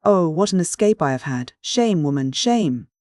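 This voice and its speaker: A narrator voicing an excitable elderly male professor, obsessed with his collection, breaking into shrill, indignant outbursts. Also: normal speed, no echo, studio quality, lightly acted.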